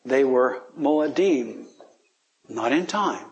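A man's voice: lively intonation, slow pace, lo-fi sound. A man giving an informal Bible teaching, asking his listeners rhetorical questions and chuckling as he explains. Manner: rhetorical questions, chuckles, pitch swings for emphasis.

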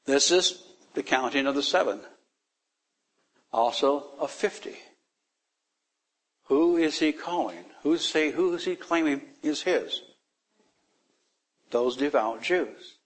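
Here the Bible study leader speaks slowly in a slightly high voice, leaving long pauses. He's animated and laughing, reading verses aloud, talking things over casually and joking with the group.

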